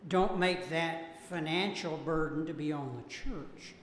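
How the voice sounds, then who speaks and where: Man teaching a church Bible class, slightly higher voice, unhurried, echoey hall, faint room noise. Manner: slow, deliberate, cites verses. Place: church auditorium.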